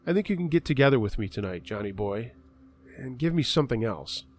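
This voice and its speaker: Man voicing a pushy flirtatious woman, low sultry teasing tone, lively pitch. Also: fairly quick, a little hiss or hum, close to an everyday voice.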